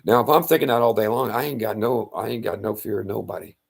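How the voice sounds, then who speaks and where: Low, gravelly male storyteller: casual, animated, punchy sound effects, crude language. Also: fast talker. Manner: animated, loud sound-effect outbursts and blunt profanity. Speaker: self-styled faith speaker. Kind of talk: casual retelling of a Bible story.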